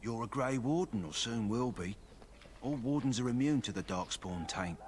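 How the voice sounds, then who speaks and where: Guy doing a london kennel master in a game, steady and matter-of-fact, bit of hiss behind. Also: mid-range voice, normal speed, natural voice. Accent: London English. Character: calm, practical male kennel master.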